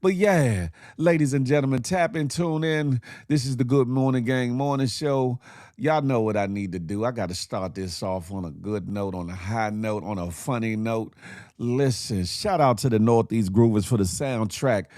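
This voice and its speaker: A man hosting a casual morning show, animated and joking, laughing often as he comments. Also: medium pitch, moderate pace, no echo, clean studio sound.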